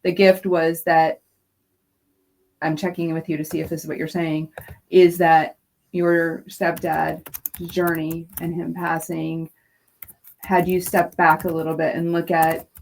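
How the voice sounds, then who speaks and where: Female podcast host and coach, lower voice, gentle soothing check-ins. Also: level tone, measured pace, vocal fry, long pauses, a little hiss or hum, rough recording. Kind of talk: coaching conversation.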